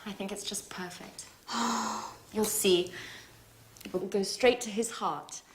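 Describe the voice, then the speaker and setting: A woman's voice: medium pitch, steady tone, slow pace, background noise, natural voice. An actress playing Anne, a curious, teasing woman friend, in scripted dialogue for English learners.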